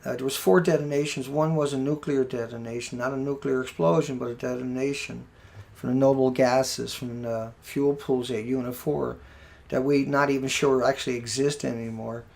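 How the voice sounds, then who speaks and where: A man's voice: medium pitch, vocal fry, darkish tone. A man hosting an online show, delivering an agitated, rambling monologue that jumps between points and hits words hard.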